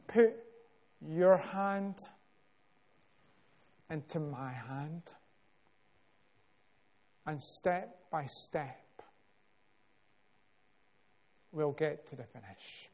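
A Scottish man voicing a small, eager boy who encourages someone in a slow, gentle way. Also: fairly high pitch. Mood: encouraging.

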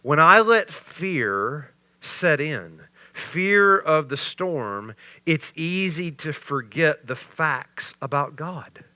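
A male pastor preaching a sermon, with sarcastic asides that build into loud, animated bursts. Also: on the high side, drawn-out words, dry recording.

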